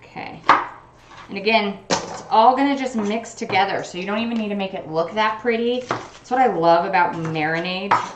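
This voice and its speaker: A woman's voice: mid-range voice, moderate pace, echoey room, background noise. A woman chatting casually on a cooking livestream, narrating what she does as she chops in her home kitchen. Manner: chatty, talks while chopping, self-narrating. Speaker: cooking streamer.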